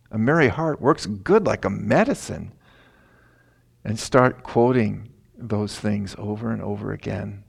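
Middle-aged guy preaching, kinda low and gravelly, slow and folksy, leans hard on key words. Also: a little mellow. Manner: folksy, storytelling, emphatic. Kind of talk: sermon.

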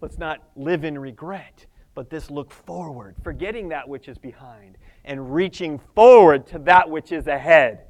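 High-voiced man preaching a fervent sermon. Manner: fervent, with Hallelujahs and Amens, laughs at himself. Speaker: pastor.

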